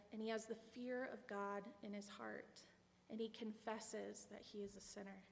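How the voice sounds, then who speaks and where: Woman preacher, fairly high voice, earnest sermon delivery, long hall reverb. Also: gravelly, fairly bright tone. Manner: reflective, earnest storytelling.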